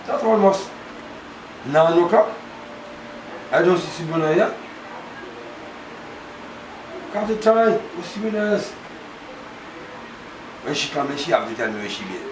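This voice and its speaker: A Bahamian dad with a fairly high voice, who talks emphatically and repeats himself. He is recorded in a roomy space far from the mic. Background noise runs underneath. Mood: easygoing. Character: adult man, a hot-tempered but doting father. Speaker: actor in a low-budget feature film. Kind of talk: naturalistic film acting.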